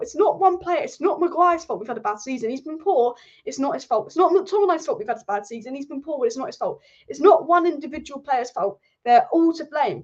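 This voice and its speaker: A young woman hosting a football fan channel, ranting passionately and swearing freely about her team. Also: sits high. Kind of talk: ranting fan commentary vlog. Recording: slightly dull lo-fi audio.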